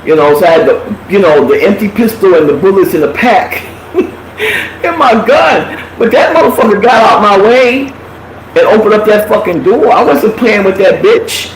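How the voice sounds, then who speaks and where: A woman's voice: mid-range voice, moderate pace. A woman host telling a personal story in casual chat, with lots of profanity, acting out what people said. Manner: profane, animated, acts out quotes. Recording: echoey room with faint noise.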